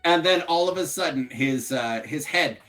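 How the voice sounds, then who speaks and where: A man narrating as game master of a tabletop game, with a hesitant delivery full of pauses. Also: a little high, lively intonation, fairly bright tone, faint music behind.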